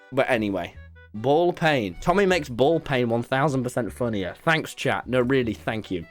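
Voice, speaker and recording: A young man, telling a story to his live stream chat in an excitable way, dropping to mumbled asides and rising to loud yelps, and swearing freely. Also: medium pitch, moderate pace, faint music behind. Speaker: livestreamer.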